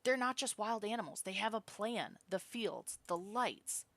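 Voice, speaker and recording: A woman's voice: mid-range voice, lively intonation, a little slow, a bit bright, no echo, pitched above the performer's own voice. A woman voicing a stern, worried mother while reading game dialogue aloud.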